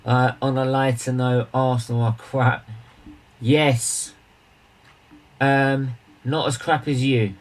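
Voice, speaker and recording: A man hosting a charity live stream, talking straight to viewers in a loose, rambling way. His pitch sits in the middle for a man. He greets people by name, banters, and restarts his sentences as he goes, close to a desk mic. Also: flat delivery, slow pace, pauses often, rough recording. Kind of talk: casual live-stream chat.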